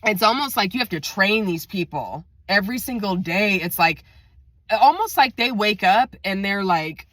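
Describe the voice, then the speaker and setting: A woman's voice: medium pitch, animated, normal speed, a bit bright, dry recording. A woman telling a story in a casual, venting vlog, talking to her viewers and acting out what others said in a raised voice. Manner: chatty, venting, acts out quotes in raised voice. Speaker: vlogger.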